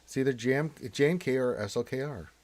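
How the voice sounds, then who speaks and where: Casual gamer man for a livestream co-host, slangy and relaxed, mid-pitched, dry close sound. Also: fast, no echo. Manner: laid-back, slangy, calls people dude and man. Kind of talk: casual chat, reading viewer questions.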